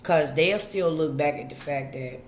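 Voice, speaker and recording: A woman's voice: low voice, unhurried, reverberant, slight background noise. A middle-aged woman, giving her viewers blunt, preachy advice in a casual monologue, talking right to them and cursing freely. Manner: preachy and blunt, talks to the audience, drawls, swears. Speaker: vlogger.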